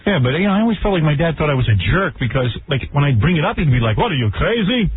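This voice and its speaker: A man's voice: on the high side, lively intonation, racing, slight background noise. A man hosting a talk radio show, brash and joking, telling stories about his father. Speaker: radio host. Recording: tinny phone-like radio audio.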